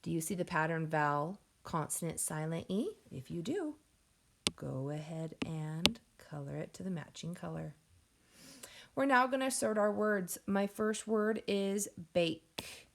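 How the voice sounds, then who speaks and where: A woman teaching a phonics lesson to young children, sounding out words slowly and clearly and encouraging the class. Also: fairly low pitch, lively intonation. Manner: encouraging, addresses class as friends.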